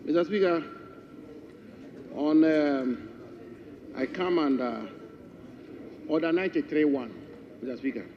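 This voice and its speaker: Ghanaian english man, member of parliament, somewhat high voice, emphatic, long chamber reverb, dull sound. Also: a little hiss or hum. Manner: deliberate, emphatic, repeats formal courtesies. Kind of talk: formal parliamentary address.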